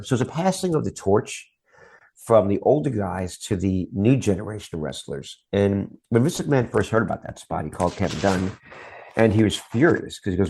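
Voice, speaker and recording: A man's voice: fairly low pitch, lively intonation, normal speed, creaky, darkish tone, breathy edge. A middle-aged man, a guest on an interview show, telling long stories about his work in TV promos in a casual chat style. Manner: long anecdotes, acts out quoted voices.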